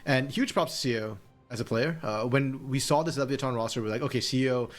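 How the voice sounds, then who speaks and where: A man's voice: mid-range voice, soft background music. A man giving esports colour commentary, breaking down items and players in an analytical way. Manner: analytical, quick, chuckles often. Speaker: colour caster.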